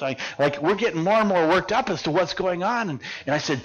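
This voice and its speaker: A man preaching to men, telling a personal story with lively acted-out dialogue and hushed moments. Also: high voice, brisk, few pauses, poor audio. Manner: animated storyteller, acting out dialogue, drops to hushed tones.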